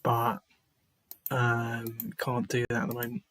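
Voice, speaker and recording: A man's voice: medium pitch, monotone, slow pace, fairly bright tone. A man hosting a live football watchalong stream, chatting to viewers in the chat by name, sighing often and restarting his phrases. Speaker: livestream host. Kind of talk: live match watchalong commentary.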